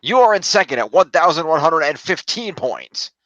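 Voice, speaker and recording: A man's voice: fairly high pitch, big pitch swings, normal speed, a bit bright, no room sound, highs cut off. A man co-hosting a casual podcast, reading out scores with a dry, sarcastic manner. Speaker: podcast co-host. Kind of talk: casual chat.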